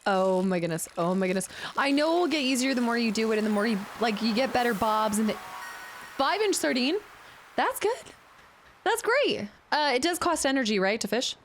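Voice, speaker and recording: A woman's voice: a little high, a little fast, a little hiss or hum. Chatty young woman streaming a game. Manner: chatty, excitable, laughing. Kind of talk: casual game live stream.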